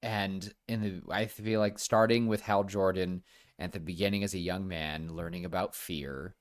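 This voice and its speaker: A man's voice: sits low, fairly even intonation, normal speed. A young man co-hosting a podcast, chatting casually and eagerly, with lots of restarts and fillers. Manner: enthusiastic, rambling with many restarts and fillers. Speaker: podcast co-host. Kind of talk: casual chat.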